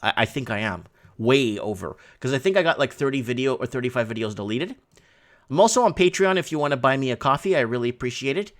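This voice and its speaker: A man hosting a casual livestream from a home studio, talking through chat messages in an excitable, rambling way. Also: mid-range voice, fast talker. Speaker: livestream host.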